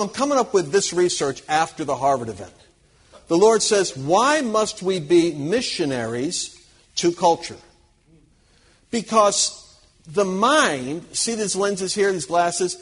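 A man preaching to a live audience, telling lively anecdotes, acting out quoted people and chuckling as he goes. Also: fairly high pitch, breathy edge. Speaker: Christian conference speaker. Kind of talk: storytelling sermon to a live audience.

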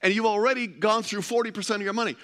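A man's voice: sits high, fairly even intonation, rapid-fire, a bit bright. A man giving an informal presentation to a live audience, chatty and joking, often stumbling and restarting as he searches for words.

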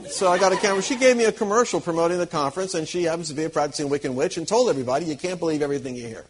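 A man preaching to a live audience, telling lively anecdotes, acting out quoted people and chuckling as he goes. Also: a little high, racing, few pauses, noisy background. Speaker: Christian conference speaker. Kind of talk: storytelling sermon to a live audience.

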